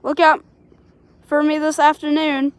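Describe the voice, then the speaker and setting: A woman's voice: sits high, monotone, measured pace, no echo. A woman voicing a big, proud, grumbling male steam engine in a storybook read-aloud. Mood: boastful. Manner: boastful, grumbling.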